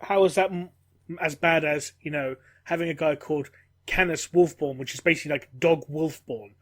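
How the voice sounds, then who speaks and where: A man co-hosting a casual podcast chat, joking and quick to cite dates and facts. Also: on the high side, steady tone, a bit bright. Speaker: podcast co-host.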